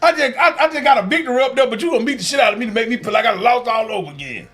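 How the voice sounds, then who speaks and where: A man co-hosting a podcast, telling profane, animated childhood stories in casual chat. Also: very high voice, rapid-fire. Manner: animated, profane storytelling with frequent restarts and laughter. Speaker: podcast co-host.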